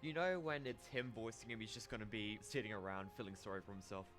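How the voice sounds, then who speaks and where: A man's voice: fairly low pitch, a bit bright. A man narrating a scripted, opinionated ranking of actors over music. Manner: brisk, opinionated.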